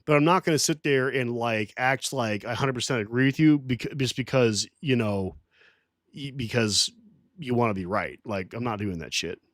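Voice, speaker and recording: A man's voice: medium pitch, moderate pace, fairly bright tone, no echo, clean studio sound. A man hosting a casual livestream, talking to his chat in a rambling, defensive way and swearing often. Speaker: livestream host.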